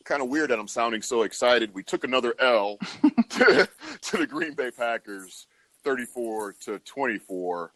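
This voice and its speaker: A man's voice: mid-range voice, lively intonation, moderate pace, a bit bright, no echo. A man hosting a casual football talk podcast, laughing often and restarting his sentences. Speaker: podcast host.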